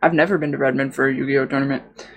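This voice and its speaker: A man's voice: mid-range voice, fairly even intonation, fast, a bit bright. A young adult man co-hosting a podcast, chatting casually and telling a rambling story full of fillers like "like" and "dude.". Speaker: podcast co-host. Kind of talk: casual chat.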